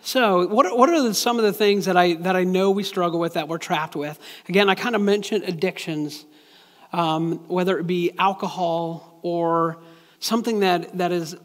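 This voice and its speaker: A man with a high-pitched voice delivers a sermon in a loose, conversational style, often breaking off and restarting his sentences. His voice rings out with the long reverb of a large hall. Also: normal speed. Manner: conversational, plain-spoken preaching with frequent restarts. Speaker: preacher.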